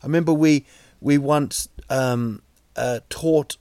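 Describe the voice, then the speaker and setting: A man with a New Zealand accent hosting a solo podcast, rambling deadpan jokes with many fillers and restarts. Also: on the high side, slow, no echo, clean studio sound. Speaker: podcast host. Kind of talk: solo comedic podcast monologue.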